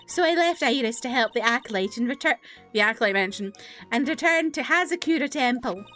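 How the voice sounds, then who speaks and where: Woman voicing a chatty old nun, high bubbly sing-song, bit of music behind. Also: animated, fairly quick, a bit bright. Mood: earnest. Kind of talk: video game dialogue read aloud.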